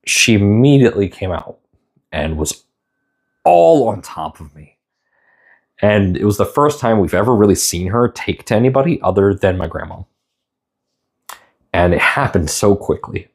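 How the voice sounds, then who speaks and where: Young male streamer, low voice with lots of pitch movement, rambling and heartfelt. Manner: rambling, tender, stops to apologize while tearing up. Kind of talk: casual live-stream chat.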